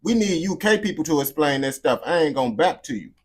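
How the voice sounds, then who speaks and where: A man's voice: on the high side, lively intonation, fast talker. A man giving casual, slangy, emphatic reaction commentary. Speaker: reaction video host.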